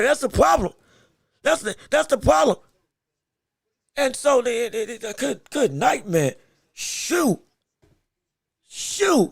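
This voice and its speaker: A male podcast host giving live watch-along commentary on a fight, excitable and emphatic, shouting encouragement with a strained voice. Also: very high voice, vocal fry, slightly rough, no echo, clean studio sound. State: straining his voice.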